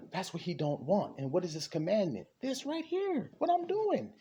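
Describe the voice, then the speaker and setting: A man preaching an impassioned sermon, fervent and repetitive, with a husky voice. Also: mid-range voice, warm tone, muffled recording. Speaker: street preacher.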